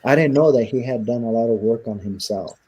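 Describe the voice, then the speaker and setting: A man's voice: medium pitch, fairly quick, dark tone, slightly rough, highs cut off. A man being interviewed, earnestly telling a reflective personal story and acting out the voices of the people in it. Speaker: interview guest. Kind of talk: conversational storytelling.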